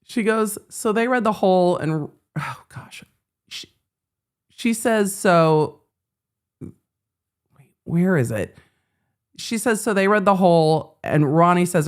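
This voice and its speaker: A woman hosting a live legal commentary stream, telling a story in a casual, animated way and acting out the lines she quotes. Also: fairly low pitch, takes it slowly.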